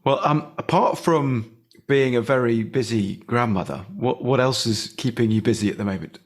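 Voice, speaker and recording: A man hosting a casual interview over a video call, with a husky voice, supportive and hesitant, often restarting his sentences. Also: medium pitch, normal speed. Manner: hesitant, supportive, many restarts and agreeing murmurs. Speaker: podcast host.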